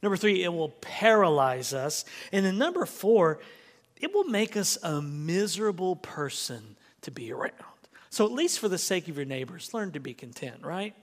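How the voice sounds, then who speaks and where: A man's voice: high-pitched, big pitch swings, normal speed, long reverb tail. A man preaching a sermon as pastor, emphatic and full of rhetorical questions, in a church sanctuary.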